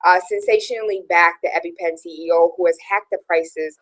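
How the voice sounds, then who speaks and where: Reading headlines and then tearing into them with sarcastic opinions, this radio talk show host speaks in a fairly low, fairly even voice that's a little fast and a bit bright. The audio is poor.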